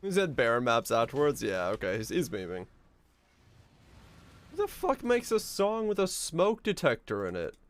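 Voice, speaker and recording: A man streaming a game who rants and swears in a lively voice that swings widely in pitch. He sits at a middle pitch for a man and talks straight to his chat in a loose, casual way. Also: moderate pace. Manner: profane, animated ranting with bursts of laughter.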